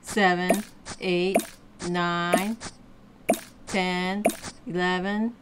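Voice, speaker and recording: A woman's voice: on the low side, fairly even intonation, extremely slow. A young adult woman playing a game with her child, coaching and cheering her on in casual chat. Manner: coaching, encouraging, exclaiming. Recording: loud background noise.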